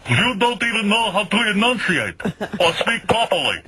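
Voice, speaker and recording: A man's voice: high voice, sing-song, moderate pace, pushed and bright, a little hiss or hum, voice pushed up, exaggerated voice, low-quality recording. A man putting on his nagging older father, lecturing his son. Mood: scolding. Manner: scolding, lecturing. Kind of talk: comic impression on talk radio.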